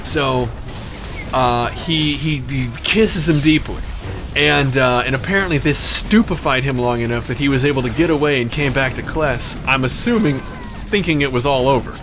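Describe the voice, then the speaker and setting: Casually storytelling on stream, a male streamer rambles through a long, profane story, stopping to speak to his chat. His voice is mid-range at a normal pace, and music is clearly audible behind him.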